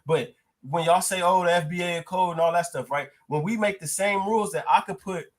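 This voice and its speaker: A man's voice: sits high, brisk. Blunt, argumentative man. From United States. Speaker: panelist. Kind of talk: heated panel debate.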